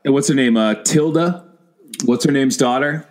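Male podcast co-host, mid-range pitch, blunt and laid-back in casual chat. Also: moderate pace.

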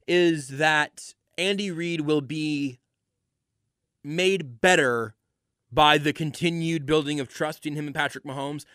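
A man's voice: fairly high pitch, fairly bright tone, no echo, clean studio sound. A man hosting a sports podcast, giving an opinionated solo analysis and repeating words for emphasis. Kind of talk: solo football analysis monologue.

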